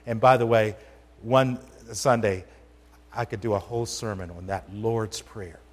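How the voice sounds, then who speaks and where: A man's voice: lowish voice, steady tone, a little slow. A man preaching a sermon to a congregation in a conversational, emphatic way, often asking them questions. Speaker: pastor. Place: church sanctuary. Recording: long hall reverb.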